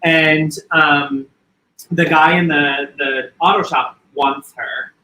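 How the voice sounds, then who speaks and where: Bright-voiced man chatting about movies. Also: on the high side, slow. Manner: animated, acts out movie lines. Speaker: podcast co-host. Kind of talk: casual chat. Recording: roomy echo.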